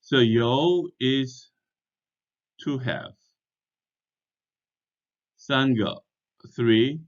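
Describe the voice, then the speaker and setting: Male teacher; very slow and deliberate, spells words out, dull lo-fi sound. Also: mid-range voice. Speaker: English teacher. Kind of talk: slow explanatory language lesson. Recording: dull lo-fi recording.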